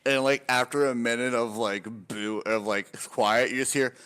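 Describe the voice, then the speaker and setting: A man narrating a tabletop game as game master, animated and casual, swearing freely. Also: mid-range voice, moderate pace, smooth.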